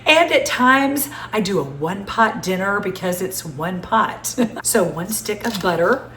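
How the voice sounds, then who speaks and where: A woman's voice: mid-range voice, lively intonation, measured pace, bright, forceful tone, slight background noise. A woman in her sixties from the Southern United States, with a Southern American accent, hosting a cooking show from her home kitchen in a chatty, gushing way and laughing often. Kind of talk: casual home cooking chat. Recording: echoey kitchen with faint ambience.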